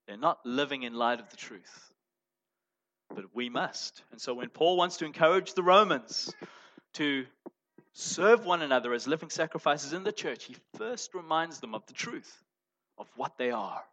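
A man preaching a sermon as pastor, emphatic, moving between loud stressed phrases and quiet asides. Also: a little high, animated, normal speed. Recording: dull lo-fi sound.

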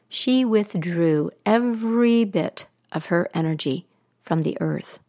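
A woman storyteller retelling a myth aloud with an expressive, animated delivery. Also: lowish voice.

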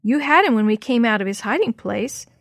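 A sensible boy who scolds the cat and keeps the others on task in a children's storybook, as a woman reads him, firm and a touch lower in tone. Close, dry sound. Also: animated, a little fast, fairly bright tone, no echo. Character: boy, sensible and a little bossy.

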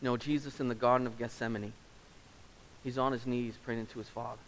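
A man's voice: mid-range voice, little pitch movement, fairly quick, slight background noise, poor audio. A male pastor preaching a sermon in a church, earnest and emotional, pleading with his listeners and then leading them in prayer. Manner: earnest, pleading altar call.

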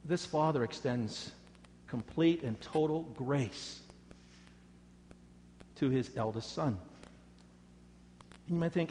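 A man preaching a sermon, swinging dramatically between loud emphasis and hushed words. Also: fairly high pitch, takes it slowly, long pauses, a little hiss or hum. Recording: echoey hall reverb.

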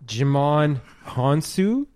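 A man's voice: on the high side, sing-song, very slow, darkish tone, no echo, clean studio sound. A man in his forties hosting a podcast, chatting casually about movies, rambling and full of fillers, with the odd swear. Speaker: podcast host.

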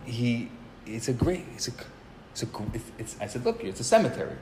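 Rabbi telling a story in an echoey room. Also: male voice, mid-range voice, fairly quick. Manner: lively storyteller, restarts and repeats words. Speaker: rabbi teaching a class. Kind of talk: live lecture with storytelling. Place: classroom at a community center. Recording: roomy live recording with faint noise.

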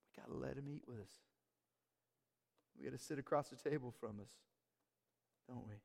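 A man's voice: medium pitch, normal speed, gravelly, a little mellow. A male pastor preaching a sermon, calling out to the congregation and pressing his points with emphasis. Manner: emphatic, call-and-response with the congregation. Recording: reverberant church hall.

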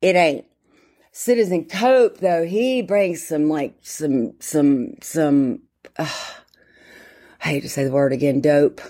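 A woman's voice: low voice, slow pace, warm tone. A woman, chatting casually as a podcast host, rambling, interrupting herself and filling gaps with ums. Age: 50s. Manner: rambling, self-interrupting, many fillers. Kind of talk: casual solo chat.

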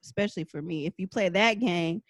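A woman's voice: fairly low pitch, a little fast, no room sound. A young pregnant woman co-hosting a casual chat show, telling frank self-deprecating stories about motherhood. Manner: candid, self-deprecating storyteller. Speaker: podcast co-host.

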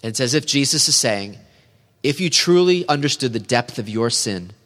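A man preaching an earnest, measured sermon as a pastor, reading scripture aloud. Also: mid-range voice, lively intonation, fairly bright tone, long reverb tail.

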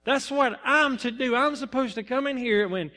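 A male pastor preaches in earnest, halting bursts, often restarting and reaching for words. His voice sits high and bright. It rings out in a church hall with a long, lingering reverb. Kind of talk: sermon. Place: church sanctuary.

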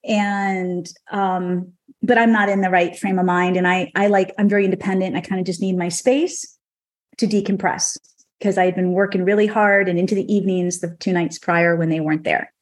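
A woman's voice: fairly low pitch, fairly even intonation, moderate pace. A woman on a podcast telling an emotional personal story in a conversational, earnest way, with many fillers. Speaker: podcast guest speaker.

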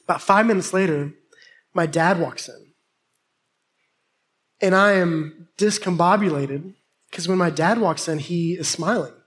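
A man preaching a sermon, telling a lively, humorous personal story to a congregation. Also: high voice, unhurried, pauses often. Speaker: pastor.

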